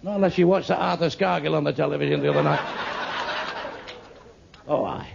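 A man's voice: on the high side, brisk, creaky, background noise. A man from England doing live stand-up, swearing crudely and insulting people in the audience. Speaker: stand-up comedian. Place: comedy club before a live audience. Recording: dull echoey live club recording with crowd laughter.

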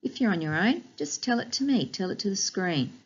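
A woman teaching a recorded phonics lesson to young children, giving slow, clear, encouraging instructions and drawing out each sound. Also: mid-range voice, animated, highs cut off. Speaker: primary school teacher.

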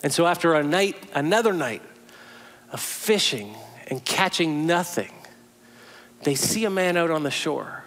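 A male pastor preaching in a relaxed, conversational way. He tells the story as if picturing it out loud, with casual asides along the way. His voice sits high for a man. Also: a little slow, pauses often. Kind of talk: sermon.

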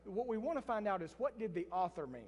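A pastor preaching a sermon in church, telling a story with restarts and asides to the congregation. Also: male voice, high-pitched, expressive, fast, big-room sound. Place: church sanctuary.

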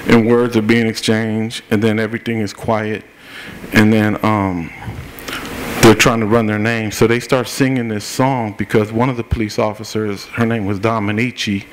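A middle-aged man, an activist at a public forum, giving a plain-spoken personal account step by step and acting out what each person said. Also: on the low side. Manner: plain-spoken, recounts events step by step and acts out what people said. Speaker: activist speaking at a political forum. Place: forum meeting room.

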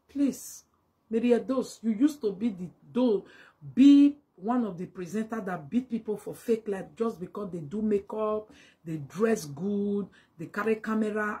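A woman with a Nigerian accent delivering a mocking, scolding monologue to camera, slipping into Pidgin and breaking into loud exclamations. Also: medium pitch, breathy edge. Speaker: vlogger. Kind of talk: casual direct-to-camera monologue.

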